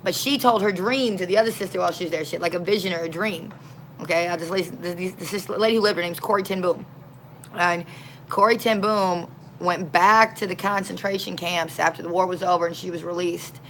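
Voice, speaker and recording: A woman street minister tells a long story in an animated, folksy way, full of slang. Her voice sits a little low. A faint hum of noise runs under it. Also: brisk, low-quality recording. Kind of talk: casual storytelling.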